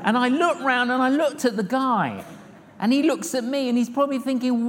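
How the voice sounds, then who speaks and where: An older man, preaching a sermon as an evangelist, telling stories lively and acting out the dialogue himself. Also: extremely high pitch, fairly quick. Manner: lively storyteller acting out dialogue, repeats phrases. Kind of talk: sermon with humorous storytelling. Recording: long hall reverb with faint noise.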